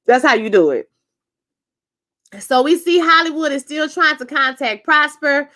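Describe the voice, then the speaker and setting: A woman hosting a casual live review chat, animated and profane, acting out quotes in character voices. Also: high voice, a little slow. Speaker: show reviewer.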